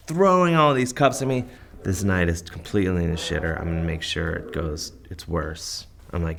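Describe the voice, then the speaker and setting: A man's voice: low voice, moderate pace, a little hiss or hum. A male comedian telling a comic story in a rambling way, full of fillers, acting out what people said. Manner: rambling, filler-heavy, acts out quotes.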